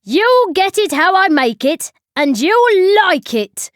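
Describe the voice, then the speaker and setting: A woman voicing a fierce, booming middle-aged tea lady in a storybook reading. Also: slow pace, dry recording, clean studio sound, close to an everyday voice. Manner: booming, threatening.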